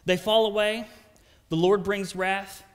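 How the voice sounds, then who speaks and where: A man's voice: high voice, little pitch movement, unhurried. A man preaching a sermon as pastor, earnest and conversational, often checking in with "right?". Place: church sanctuary. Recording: long church hall reverb.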